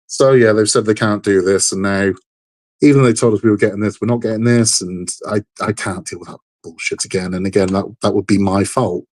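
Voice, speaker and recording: Tired and a bit under the weather, this livestream host works on a model kit and talks frankly and casually, wandering off topic and saying things twice. He speaks at a moderate, steady pace in a voice on the low side, a little mellow.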